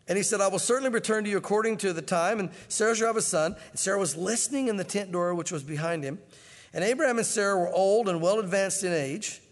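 A man's voice: high-pitched, breathy edge, long reverb tail. A man preaching a Bible-teaching sermon in a conversational way, with joking asides. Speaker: pastor.

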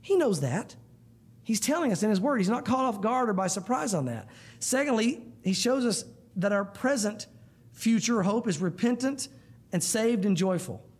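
A man's voice: sits high, sing-song, moderate pace, husky. A man preaching a sermon to a room of listeners, earnest and emphatic, often calling them guys. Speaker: pastor. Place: church room.

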